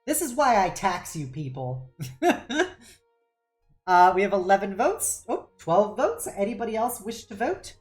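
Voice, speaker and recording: A woman's voice: medium pitch, very animated, a little slow, darkish tone, faint music behind. A woman streaming a game live, reading its text aloud in a playful, mock-dramatic way and laughing often.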